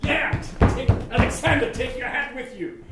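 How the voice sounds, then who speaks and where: An excitable gnome detective, jumpy and full of outbursts, played by a man. His voice is high and swoops around. The recording comes from a distant mic in an echoing theatre. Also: moderate pace, loud music behind the voice. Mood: indignant. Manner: jumpy, exclaiming. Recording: echoey stage, distant mic, faint noise.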